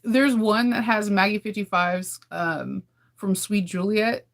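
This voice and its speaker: A woman from California hosts a casual livestream, chatting candidly with viewers and laughing often. Her mid-range voice has vocal fry and a measured pace.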